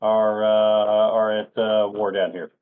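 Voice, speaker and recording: Hesitant low-voiced man on a tinny line. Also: level tone, slow pace, clear, resonant tone. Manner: hesitant, stammering with many repeats. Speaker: player. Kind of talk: casual game table chat.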